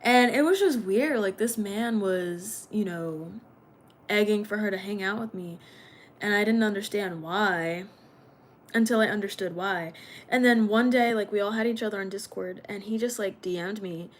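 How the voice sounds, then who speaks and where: A woman's voice: medium pitch, normal speed. A young woman livestreaming, telling a story in a rambling, chatty way with many fillers. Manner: rambling, chatty, heavy use of "like".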